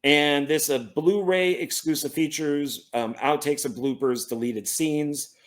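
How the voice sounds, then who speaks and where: A movie collector, a man with a fairly high voice, talks at a measured pace while casually going through his film collection. He rambles, corrects himself and stumbles over names, sounding relaxed and enthusiastic about films.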